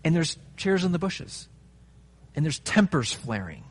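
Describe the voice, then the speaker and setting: A man preaching a sermon in a conversational, animated way, with fillers and asides. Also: fairly high pitch, measured pace. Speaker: pastor.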